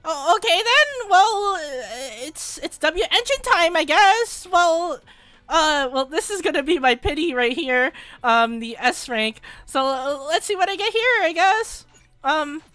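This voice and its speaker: An excitable woman narrates her gacha pulls in a high, bright voice with an unhurried pace. Her delivery is dry and close, with faint music playing underneath. When luck strikes, she bursts into shrieking, repeated exclamations. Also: no room sound. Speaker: gaming channel host. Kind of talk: casual gacha pull commentary.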